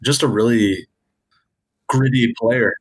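A man's voice: mid-range voice, takes it slowly, husky, rough recording. A man co-hosting a casual sports podcast, talking in a loose, anecdotal way with lots of filler words. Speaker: podcast co-host.

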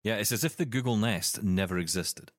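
A man hosting a podcast in casual chat, jokey and animated, laughing often. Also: fairly low pitch, brisk, no echo, clean studio sound. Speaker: podcast host.

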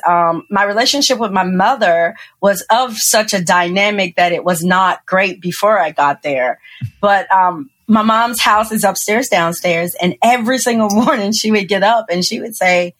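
A woman, a podcast guest telling a personal story with lively acted-out quotes and frequent laughter. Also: medium pitch. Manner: animated storyteller, acts out quotes, laughs often. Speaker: podcast guest, engineer and speaker. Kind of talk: storytelling interview.

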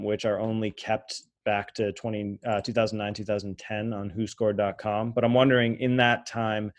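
A man co-hosting a podcast, laying out facts and posing quiz questions in a measured way. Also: lowish voice. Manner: measured, explains facts and figures. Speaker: podcast co-host running a quiz. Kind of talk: casual chat.

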